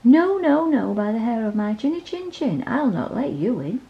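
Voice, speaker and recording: A woman voicing a small, stubborn young pig in a bedtime storybook, with a high, shrill, defiant voice. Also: sing-song, normal speed, creaky, dull audio, slight background noise.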